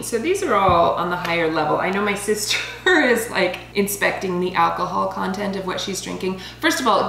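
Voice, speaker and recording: A woman in her thirties chatting casually as she reviews wines, bubbly and quick to laugh, stumbling over foreign names. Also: lowish voice, gravelly, a bit bright. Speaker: vlogger reviewing wine. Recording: roomy home recording with faint hum.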